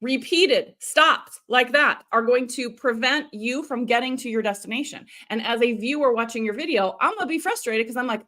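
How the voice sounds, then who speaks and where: Chatty, animated woman coach, slightly high. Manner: chatty and animated, with quick asides. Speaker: online video coach hosting a live stream. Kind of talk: casual live-stream teaching.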